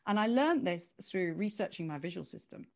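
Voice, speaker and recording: A woman guest author talks animatedly in a conversational interview, expressive and quick to laugh. Her voice is lowish and creaky, and she speaks fairly quickly.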